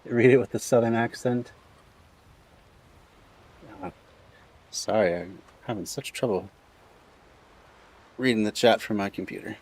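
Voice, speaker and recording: A man's voice: on the low side, unhurried, long pauses. A man streaming a video game, chatting casually and thinking aloud as he plays. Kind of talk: casual let's-play commentary.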